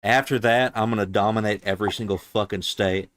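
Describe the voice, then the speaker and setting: A man's voice: on the low side, fairly even intonation, a little fast, fairly bright tone. A man with a Southern accent hosting his stream, brash and mocking, swearing freely, tired.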